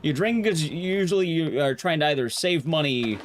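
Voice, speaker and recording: A man with a fairly high, lively voice tells a loose, foul-mouthed story while he plays through a speedrun. His delivery wanders from tangent to tangent in easy stream chatter. Steady noise runs behind him. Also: normal speed. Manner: swears freely, rambling anecdotes.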